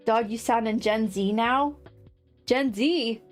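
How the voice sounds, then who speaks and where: Woman, livestream chatter, rambling, laughs easily, slightly high voice, faint music behind. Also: takes it slowly. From United States. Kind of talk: casual livestream chat.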